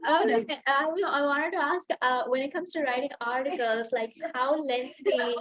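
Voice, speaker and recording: A woman's voice: sits high, moderate pace, fairly bright tone, low-quality recording. A young woman student asking her teacher a question, hesitant and full of 'like'.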